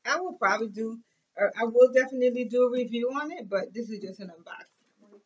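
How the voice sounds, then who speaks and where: A woman in her forties chatting excitedly and emotionally through a casual unboxing vlog. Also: on the high side, fairly quick, lo-fi sound. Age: 40s. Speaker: YouTube vlogger.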